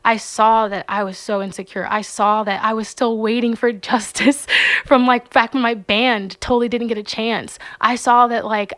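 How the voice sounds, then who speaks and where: A young adult woman, a singer-songwriter and podcast guest, telling personal stories in a casual, animated way, acting out voices and saying "like" often. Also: a little high, no echo. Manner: animated, acts out quoted voices, frequent "like". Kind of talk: casual storytelling interview.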